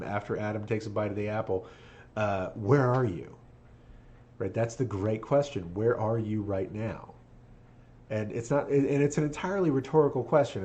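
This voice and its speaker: Earnest low-voiced man, laughing often. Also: dark tone, slight background noise. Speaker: rabbi, streamer. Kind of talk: casual live-stream chat while gaming.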